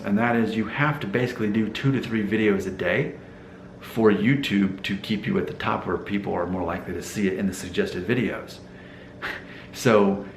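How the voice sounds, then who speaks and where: A man's voice: fairly low pitch, vocal fry, echoey room, slight background noise, poor audio. A man from Alabama with a mild Southern accent, talking casually to camera in a rambling vlog and asking his viewers rhetorical questions. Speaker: hair loss YouTuber.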